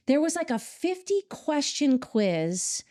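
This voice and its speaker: A woman guest in a conversational interview, telling a personal story in a lively way, laughing and acting out what others said. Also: high-pitched, takes it slowly. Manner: animated, laughing, acts out quoted voices. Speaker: guest sharing her story.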